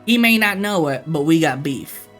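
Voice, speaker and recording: A man's voice: fairly high pitch, animated, moderate pace, a bit bright, soft background music. A man livestreaming, ranting casually and profanely to his chat.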